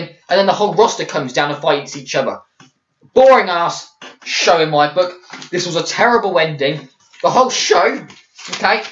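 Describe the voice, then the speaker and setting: Young guy ranting mad, cursing a lot, kinda high voice, echoey lo-fi room. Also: bright, forceful tone, a little hiss or hum. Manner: heated, swearing, frequent restarts. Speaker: wrestling show reviewer. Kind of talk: angry ranting video review. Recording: echoey room, dull lo-fi mic.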